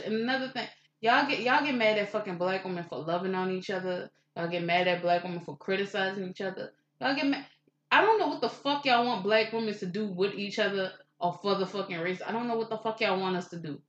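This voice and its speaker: A woman's voice: medium pitch, brisk, fairly bright tone, slight background noise. Fiery, foul-mouthed woman co-host mid-rant; roomy, muffled lo-fi audio. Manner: profane, fiery, confrontational. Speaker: podcast co-host. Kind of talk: heated rant on a podcast. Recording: roomy, dull lo-fi room sound.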